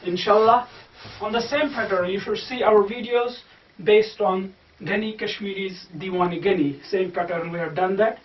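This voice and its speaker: A man teaching how to pronounce verse, spelling words out slowly sound by sound and repeating them. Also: high-pitched. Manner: slow, repetitive sound-by-sound spelling out. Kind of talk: explaining Persian verse pronunciation. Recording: distant, echoey, dull room recording.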